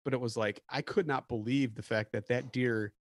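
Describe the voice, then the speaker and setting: A man's voice: mid-range voice, normal speed, no room sound, studio quality. A man hosting a podcast, telling a hunting story in casual chat and acting out the lines of the people in it. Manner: animated storyteller acting out quotes. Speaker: podcast host.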